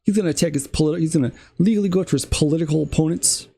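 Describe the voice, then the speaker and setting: A man's voice: fairly high pitch, very fast, gravelly, mellow. A man hosting a news stream, ranting sarcastically about politics with frequent restarts. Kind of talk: casual opinion monologue.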